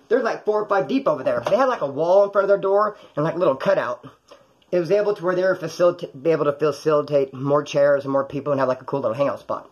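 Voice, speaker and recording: A man with a high, husky voice rattles off a casual story from his own life, swearing freely and rambling. He acts out the other people's lines as he goes. The recording sounds dull and lo-fi. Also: quick pace.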